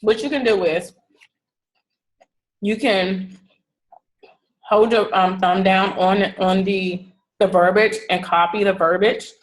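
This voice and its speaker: A woman's voice: mid-range voice, steady tone, takes it slowly, pauses often, poor audio. A woman coaching her team in a casual, direct way, often stopping to ask "okay?". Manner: casual, direct, repeats "okay?" to check understanding. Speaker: fitness business team leader.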